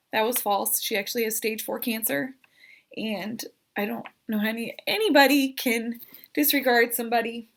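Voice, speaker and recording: A pregnant woman in her thirties talks straight to her viewers in a casual vlog update. Her voice sits a little high, and she speaks earnestly and with feeling, often pausing on fillers and restarting her sentences. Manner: earnest, emotional, hesitant with many fillers. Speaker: vlogger.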